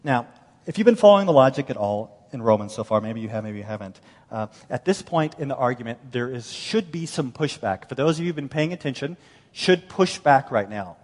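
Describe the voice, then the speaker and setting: A middle-aged man preaching a sermon as pastor, animated and storytelling, acting out the voices he quotes. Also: medium pitch, fairly quick. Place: large church hall. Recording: long church-hall reverb.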